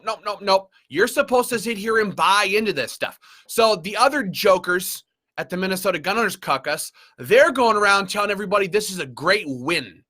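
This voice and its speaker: Sarcastic, bright-voiced man ranting. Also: high voice. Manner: emphatic and sarcastic, with repeated phrases. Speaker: gun rights group leader. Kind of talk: impassioned advocacy commentary.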